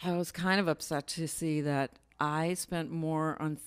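A woman comedian delivers a dry joke over a video call. She speaks slowly and unhurriedly, in a voice that sits low for a woman. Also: steady tone, clean tone. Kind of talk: stand-up joke.

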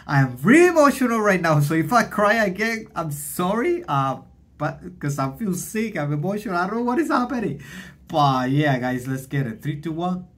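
A reaction host in casual vlog talk, feeling sick but gushing and excitable, whooping and shouting at times, in a bedroom. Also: mid-range voice, normal speed. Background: faint music from the video being reacted to.

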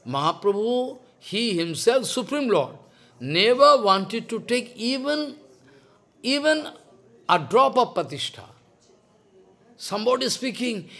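A man's voice: sits high, a bit bright. Older man giving an emphatic devotional lecture. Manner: broken English, repetitive, emphatic. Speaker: spiritual teacher.

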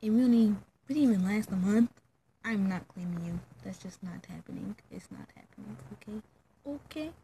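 A woman's voice: mid-range voice, a little fast, mellow, slight background noise, low-quality recording. A woman vlogger telling a story in a casual, slangy, chatty way, full of fillers, straight to her viewers.

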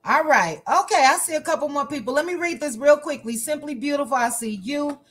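Livestream host, woman from Chicago, lively and playful, higher voice. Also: fairly quick. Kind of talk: casual chat, reading viewer comments.

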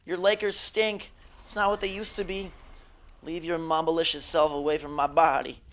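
A slightly hoarse man doing live game commentary on a headset mic, yelping at snakes on screen and joking with viewers. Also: on the high side, level tone, moderate pace, a bit bright. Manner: jumpy, yelps and jokes at on-screen snakes, chats with viewers. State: slightly hoarse, under the weather. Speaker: gaming streamer. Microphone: gaming headset.

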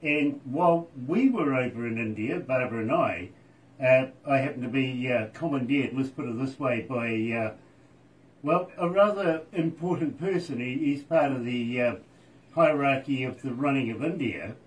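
A man's voice: medium pitch, normal speed, recorded from a distance, rough recording. A man hosting a radio interview, chatting casually and joking, laughing often, in a radio studio. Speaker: radio host.

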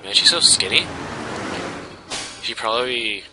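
A man's voice: mid-range voice, animated, a little slow, noisy background. A man giving casual, wry commentary over a video game playthrough. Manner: wry, joking. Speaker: let's play commentator.

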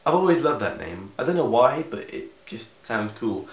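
A man's voice: medium pitch, animated, normal speed, few pauses, echoey room. A young man reading a fan fiction aloud for laughs, cutting in with sarcastic asides, in a room of a house. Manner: sarcastic, interrupts himself with asides. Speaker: vlogger.

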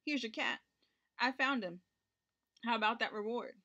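A woman's voice: fairly high pitch, normal speed, pushed and bright, lo-fi sound. A woman voicing a cocky, slangy boy pushing for a reward in a storybook reading. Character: brash streetwise boy with a tomcat.

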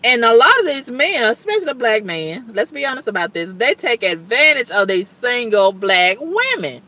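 A woman's voice: fairly high pitch, sing-song, normal speed, sharp tone. A woman venting to the camera in a blunt, emphatic, colloquial way, with repeated exclamations and exasperated storytelling. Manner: colloquial, blunt talk with cussing. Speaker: vlogger.

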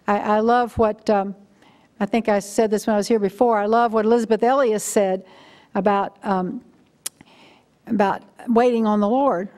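A woman's voice: mid-range voice, fairly even intonation, moderate pace, darkish tone. An older woman preaching a sermon in a conversational, storytelling way. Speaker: guest preacher.

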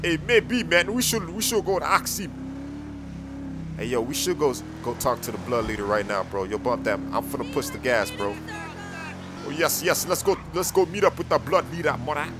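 A young man talking in loud, slang-heavy street talk while role-playing a character in a video game. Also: on the high side, expressive, moderate pace, over music. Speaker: gaming YouTuber playing a character. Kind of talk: role-play gameplay commentary.

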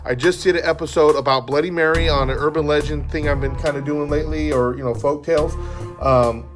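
Male podcast host, slightly high voice, casual and meandering review monologue. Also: steady tone, a little fast, over music. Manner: rambling and conversational.

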